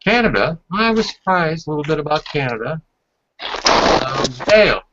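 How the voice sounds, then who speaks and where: A man's voice: fairly high pitch, big pitch swings, normal speed, heavy background noise. A man hosting a casual video call, reading aloud from a report and adding asides. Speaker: host. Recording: dull lo-fi video call audio.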